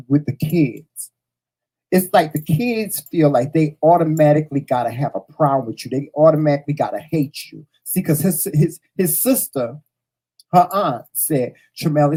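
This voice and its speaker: A man's voice: a little high, dark tone, breathy edge, poor audio. A man hosting a casual show, telling a personal story straight to viewers, blunt and profane, repeating phrases for emphasis. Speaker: host.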